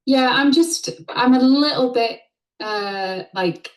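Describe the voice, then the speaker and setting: A woman in a therapy-style session, speaking tentatively and haltingly as she searches for words. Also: a little high, poor audio. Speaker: client in a session.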